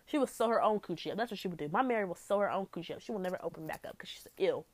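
A woman's voice: lowish voice, expressive, very fast, no room sound. A young woman vlogging about dating, talking bluntly and profanely in a rambling, casual way. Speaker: vlogger giving dating advice. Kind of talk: casual vlog monologue.

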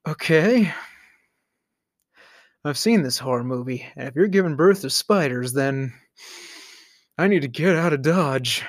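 A man rants in a comedic monologue, his pitch leaping and swooping as he piles on sarcastic disbelief. Now and then he sinks to a conspiratorial whisper to land a point. The recording is close and dry, with no room sound. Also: animated, measured pace, dry recording. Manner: exasperated, sarcastic ranting with mock disbelief; drops into a hushed whisper for emphasis. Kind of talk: scripted comedic rant.

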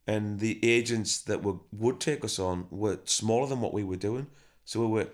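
A man's voice: fairly low pitch, moderate pace. A man, a band member who also manages the band, telling stories casually in an interview and acting out what people said. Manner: chatty, animated storytelling with acted-out quotes.

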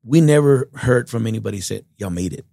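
Gravelly, low-voiced man telling stories. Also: animated, fairly quick, warm tone, no room sound, clean studio sound. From Texas. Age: middle-aged. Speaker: guest musician. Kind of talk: casual storytelling interview.

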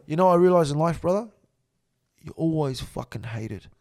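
High-voiced man, blunt and sweary. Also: animated, fairly quick, darkish tone. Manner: blunt, heavy swearing, emphatic. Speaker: podcast guest. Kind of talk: casual storytelling chat.

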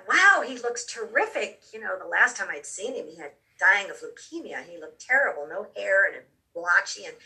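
A woman telling a personal story in a halting way, often repeating words, with real emotion, her voice a little distant from the mic. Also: on the high side, vocal fry, sharp tone. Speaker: storyteller recounting a near-death experience.

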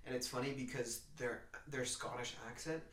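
A young man in relaxed podcast chat, circling his point and restarting sentences as he goes. His voice sits at a middle pitch for a man. It is picked up from some way off the mic in a roomy, echoing space. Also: moderate pace, recorded from a distance. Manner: chatty, rambling, restarts sentences. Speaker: podcast co-host. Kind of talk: casual chat.

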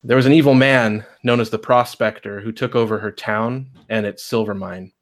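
A man's voice: lowish voice, steady tone, normal speed. Casual male game master narrating. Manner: casual, storytelling, frequent self-corrections. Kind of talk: narrating a tabletop western game.

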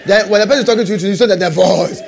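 A man preaching a sermon, animated, repeating rhetorical questions and laughing often. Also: high voice, very fast, gravelly, a faint crowd.

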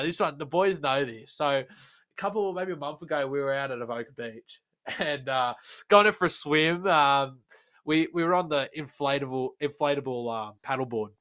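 A young Australian man co-hosting a casual podcast, telling rambling stories and laughing loudly. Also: on the high side. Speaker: podcast co-host. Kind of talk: casual banter.

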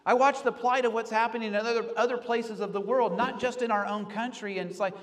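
A male pastor preaching an earnest sermon, rising to pleading and then dropping to hushed reflection. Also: extremely high pitch, fairly even intonation, fairly quick, few pauses, big-room sound.

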